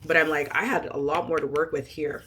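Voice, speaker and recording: A middle-aged woman vlogger chatting casually to her viewers, animated and emphatic, often laughing and bursting into loud exclamations. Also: deep voice, fairly quick, background noise. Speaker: lifestyle vlogger. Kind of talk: casual chat to camera.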